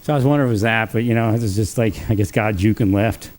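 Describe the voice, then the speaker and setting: A man's voice: lowish voice, very fast, a little mellow. A man talking alone on his livestream, rambling and chuckling often between thoughts. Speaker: livestream host. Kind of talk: rambling solo livestream talk.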